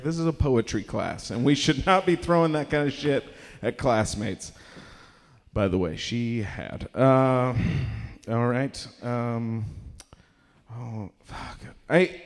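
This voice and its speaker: Brief: male stand-up comic with an awkward, stammering delivery, mid-pitched voice, live in a reverberant room. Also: a little mellow. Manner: awkward, halting delivery with many fillers; shrieking impressions of strangers. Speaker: stand-up comedian. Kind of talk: stand-up set. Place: small performance space with a live audience.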